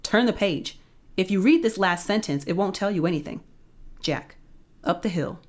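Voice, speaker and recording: A woman reading a children's picture book aloud in a playful, expressive storytelling voice. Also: medium pitch, normal speed.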